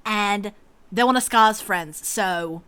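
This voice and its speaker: A woman's voice: medium pitch, lively intonation, moderate pace, natural voice. A woman voicing a brusque, urgent man hurrying a group along. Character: hurried young man guiding the group.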